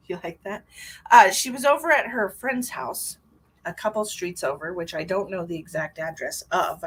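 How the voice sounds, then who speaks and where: A chatty middle-aged woman hosting a live stream, her voice sitting at an ordinary middle pitch for a woman. She talks casually and tells stories, laughing often and greeting viewers by name. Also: a bit bright, breathy edge.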